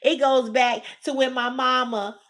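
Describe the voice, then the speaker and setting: A woman's voice: sits high, steady tone, measured pace, fairly bright tone. A woman hosting a livestream, talking back to her chat in casual, blunt, profane commentary. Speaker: livestream host.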